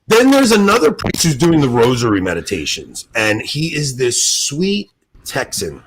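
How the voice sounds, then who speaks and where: A man co-hosting a podcast, telling stories in an excited, animated way and laughing often. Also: a little high, measured pace, a little hiss or hum. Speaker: podcast co-host. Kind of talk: casual podcast chat.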